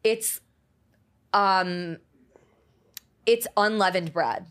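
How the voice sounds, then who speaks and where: A blunt young woman with a lowish voice, teasing her friends as a podcast co-host. She talks in a loose, casual chat manner. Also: extremely slow, fairly bright tone. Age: young adult.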